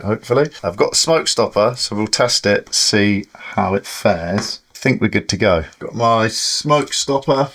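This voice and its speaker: A man chatting casually as he works on a drone at his workbench, frustrated and self-mocking about his setbacks. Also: lowish voice. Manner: chatty and exasperated, sighing and laughing at setbacks. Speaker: FPV drone hobbyist vlogger. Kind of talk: casual running commentary while tinkering.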